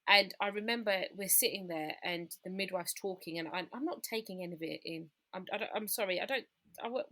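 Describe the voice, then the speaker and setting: A woman's voice: mid-range voice, brisk, sharp tone. A woman, telling her personal story as a guest in an interview, candid and full of quoted dialogue.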